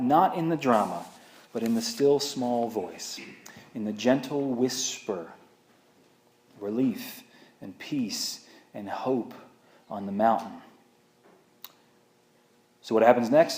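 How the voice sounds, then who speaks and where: A male pastor gives a sermon in a reverberant church sanctuary. His voice sits at a middle pitch, and he retells the story casually and with energy. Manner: conversational storytelling, animated. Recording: echoey church room.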